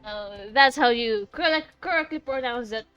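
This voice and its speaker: Filipino-accented woman, high pitch, crisp smooth voice, chatty game streamer, laughs a lot. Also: normal speed, fairly bright tone, dull audio, faint music behind. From Philippines. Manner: chatty, laughs often, swears casually. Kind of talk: casual chat while playing.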